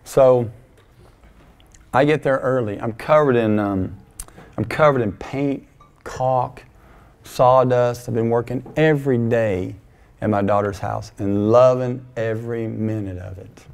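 A man's voice: medium pitch, unhurried, creaky, a little mellow. A middle-aged man pastor telling a personal story in a folksy, conversational sermon, acting out bits of dialogue. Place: church sanctuary.

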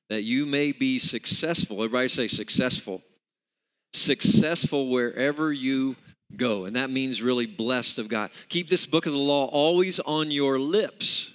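A man's voice: mid-range voice, fairly bright tone. Man preaching in a reverberant sanctuary. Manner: emphatic, repeats words, calls for congregation responses. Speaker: pastor. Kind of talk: sermon. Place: church sanctuary. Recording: long reverb of a large hall.

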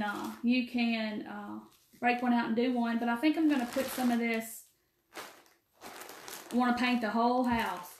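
A woman's voice: fairly high pitch, a little hiss or hum. A woman with a Mississippi Southern accent, hosting a live craft demo, talking folksy and chatty and answering viewers by name. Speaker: craft live-stream host. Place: empty room. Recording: echoey room.

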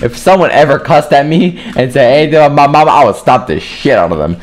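Young guy cussing and joking thru his gameplay, trash talks ppl, yells a lot, faint keyboard typing behind. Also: medium pitch, animated, fast talker, slight background noise. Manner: profane, joking, trash-talks other players; bursts into yelling. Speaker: gaming video creator. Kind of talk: live gameplay commentary.

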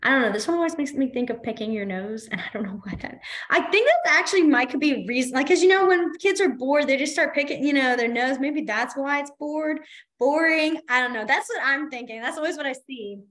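A woman's voice: high voice, fast, hardly any pauses, a bit bright. A woman teaching a beginner sign language class in a chatty, demonstrative way, with lots of fillers. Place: library classroom.

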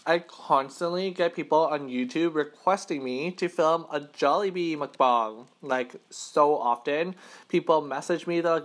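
A man's voice: fairly high pitch, a little slow, a bit bright. A man from Western Canada, hosting a casual mukbang eating show from a hotel room and rambling, correcting himself and laughing between bites. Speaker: mukbang host. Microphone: camera mic.

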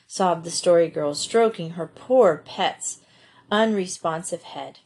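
Husky-voiced woman reading a storybook. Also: takes it slowly. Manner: gentle storytelling, voices the children's dialogue with lifted pitch. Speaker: audiobook reader. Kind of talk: scripted narration of a classic novel.

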